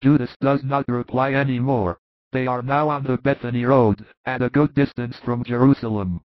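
A man narrates a religious story in an even, descriptive way. His voice sits at an ordinary male pitch. The recording is dull and lo-fi with no room echo. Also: normal speed. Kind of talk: scripted narration.

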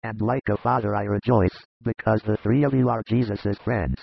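A man's voice: fairly low pitch, steady tone, moderate pace, gravelly, husky, no echo, dull audio, heavily acted. A man voicing an older male disciple who speaks in an earnest, fatherly way, in a dramatized audiobook reading.

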